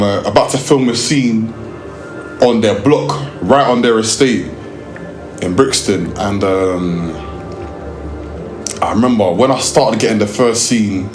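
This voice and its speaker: Young london guy, slangy, keeps restarting, roomy room, bit of music behind. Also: fairly low pitch. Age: young adult. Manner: lively, slang-heavy, restarts often. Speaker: music video director. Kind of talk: storytelling interview.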